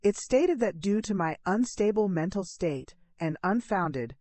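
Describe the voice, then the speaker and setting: A middle-aged woman reading a dramatic first-person story in a measured, earnest, emotional way. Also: mid-range voice, expressive, warm tone, no room sound.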